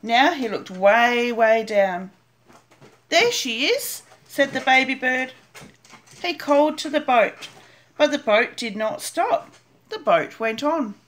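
An older woman, a grandmother, gently reading a children's picture book aloud with an expressive manner. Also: a little high, takes it slowly. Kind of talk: storybook read-aloud.

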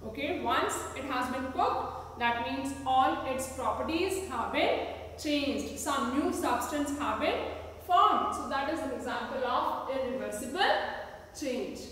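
A woman teacher with an Indian English accent, speaking slowly and patiently, with a fairly high voice. She keeps asking her class questions as she demonstrates. She is recorded from across a bare room with strong echo and a long reverb tail, with faint noise underneath. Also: animated, fairly bright tone. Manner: slow, patient, asks the class many rhetorical questions. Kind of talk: classroom science lesson with demonstrations. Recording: echoey room, recorded from a distance.

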